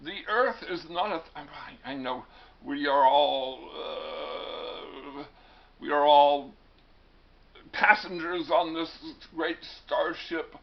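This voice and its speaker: Gravelly, stammering male lecturer. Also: a little high, takes it slowly, muffled recording. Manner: wry, digressive, frequent stammered restarts. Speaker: teacher. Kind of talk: classroom lecture.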